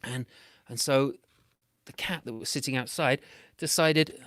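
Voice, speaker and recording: A British man making up a playful, animated children's story, with big swings between loud and soft. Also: mid-range voice, measured pace, no echo, clean studio sound.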